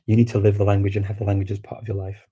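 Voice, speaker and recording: A Liverpool man with a Scouse accent rambles through a live-stream Q&A as a language-learning streamer, reading viewer questions aloud in chatty fashion with many fillers and restarts. His fairly low, mellow, slightly rough voice is flat and rapid-fire, and the audio is dull.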